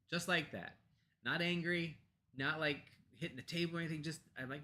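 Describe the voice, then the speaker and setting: A bright, clear-voiced American man rambles through a casual home chat, full of fillers and restarts. His voice comes through a computer mic with a faint hiss behind it. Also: fairly high pitch, steady tone, a little fast. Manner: talks softly to pets off to the side. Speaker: co-host of a pagan discussion show.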